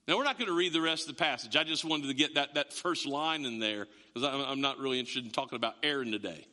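A male pastor preaching a sermon in a church, animated and often restarting his sentences. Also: mid-range voice, fast. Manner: animated, self-interrupting storyteller. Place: church sanctuary, also streamed online. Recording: long reverb of a church hall.

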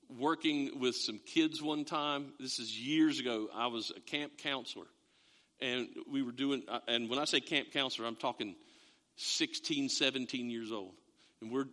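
A man's voice: mid-range voice, sharp tone, in a large hall. A man preaching a sermon, telling a story and stressing the quoted verses with rising emphasis.

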